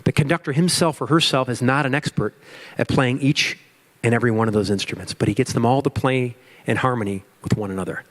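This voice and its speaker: A man's voice: mid-range voice, fast talker. Motivational man speaking to a crowd. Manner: storytelling, emphatic repetition. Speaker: keynote speaker. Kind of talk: motivational speech.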